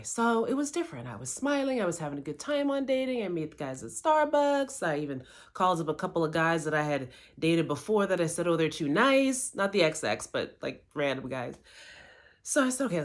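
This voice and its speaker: Low-voiced woman telling her story candidly. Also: fairly quick. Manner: candid, animated, lots of quoted self-talk. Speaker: life coach for women. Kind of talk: personal storytelling to camera.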